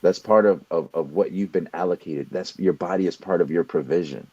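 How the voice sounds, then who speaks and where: A young man talks in an earnest, motivational way, often doubling back on his words as he builds toward a point. His voice sits very low and mellow. The recording is dry and a little dull, with no room sound. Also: fairly quick, breathy edge, no room sound. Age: young adult. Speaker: podcast co-host. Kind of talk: motivational talk.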